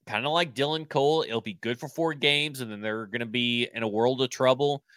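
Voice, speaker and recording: Bright-voiced blunt sports podcast man. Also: medium pitch, fairly even intonation, brisk, no room sound, clean studio sound. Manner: blunt, opinionated, swears casually. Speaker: podcast co-host. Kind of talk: casual sports talk.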